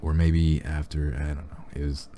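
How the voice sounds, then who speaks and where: Brief: young male reaction host, very low dark voice, rambling loose chat. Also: little pitch movement, normal speed, slight background noise. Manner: rambling, full of fillers and restarts. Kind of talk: casual chat.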